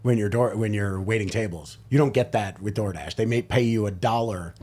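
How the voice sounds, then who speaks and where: A man's voice: fairly low pitch, brisk, a little mellow. A male stand-up comedian chatting as a podcast guest, rambling through anecdotes with restarts. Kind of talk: casual chat.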